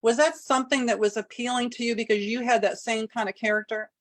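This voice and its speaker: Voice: mid-range voice, fairly even intonation, fast talker, a bit bright. Interviewer asking long, winding questions.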